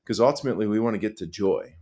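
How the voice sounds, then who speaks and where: A middle-aged man, a high school coach, talking through stories in an earnest, animated way with lots of fillers and restarts. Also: very fast. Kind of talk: conversational storytelling.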